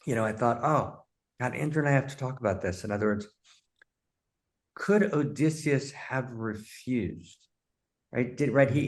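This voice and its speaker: Man, host, emphatic, effusive, excited outbursts, mid-pitched voice. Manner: warmly addresses his partner as "my friend". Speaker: host, philosopher. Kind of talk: animated film discussion.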